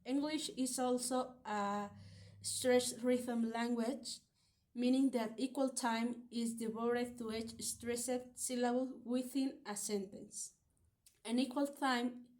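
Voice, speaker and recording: A woman whose first language is Spanish, reading a prepared explanation in a measured way. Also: fairly high pitch, darkish tone. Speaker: student presenter.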